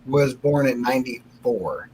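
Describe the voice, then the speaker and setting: A man's voice: mid-range voice, expressive, unhurried, a crowd in the background, low-quality recording. A middle-aged man hosting a live stream chat, telling stories casually and swearing freely.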